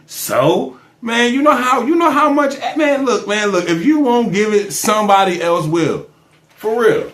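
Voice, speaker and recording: A man, a guest in a casual interview, talking in an animated, joking way and repeating his phrases. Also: high voice, unhurried, roomy sound.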